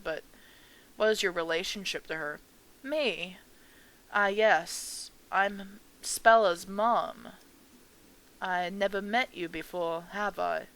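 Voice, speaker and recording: A woman voicing a gentle, grieving elderly mother at a funeral, speaking softly and slowly with a tremble, for a game. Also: medium pitch, low-quality recording.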